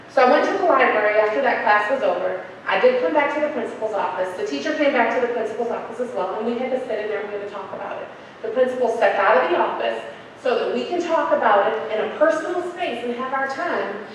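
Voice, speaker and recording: A young adult woman telling a personal story to an audience, acting out the voices of the people in it. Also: a little high. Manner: animated, acts out quoted voices. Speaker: speaker. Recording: echoey hall, distant mic, faint noise.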